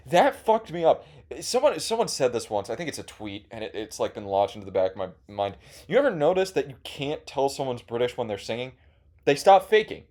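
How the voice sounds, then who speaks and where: A man's voice: medium pitch, mellow. A young man telling a rambling, profane, sarcastic story as host of a casual comedy monologue, full of fillers.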